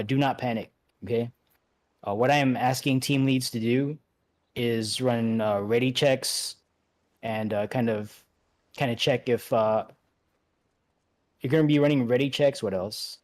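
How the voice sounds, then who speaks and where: A man leading an online game raid, giving relaxed instructions with many fillers and restarts. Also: medium pitch. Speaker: raid leader. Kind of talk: casual instructions over voice chat.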